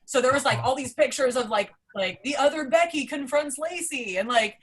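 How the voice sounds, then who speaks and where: A young adult woman, a podcast guest, telling a story in a casual, excitable way, swearing often and filling her talk with "like". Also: high-pitched, moderate pace, slightly rough. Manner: excitable, profane, heavy use of "like".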